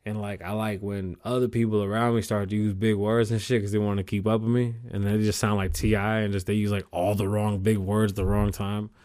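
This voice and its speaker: A man hosting his own show alone, talking in a casual, rambling rant full of swearing, his pitch jumping up when worked up. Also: fairly quick, hardly any pauses. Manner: profane, rambling, animated swings in pitch. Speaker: podcast host.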